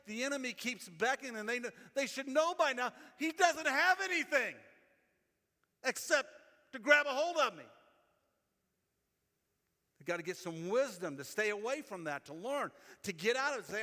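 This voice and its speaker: A man's voice: very high-pitched, big pitch swings, normal speed, long pauses, pushed and bright, long reverb tail. A man preaching a sermon in a conversational, storytelling way, often repeating his phrases.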